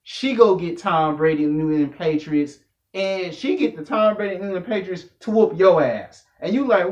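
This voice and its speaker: A man delivering a loud, profane comedic rant to camera, telling slangy stories as a vlogger. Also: high-pitched, normal speed. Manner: loud, animated, slangy storytelling. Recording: echoey room, dull lo-fi audio.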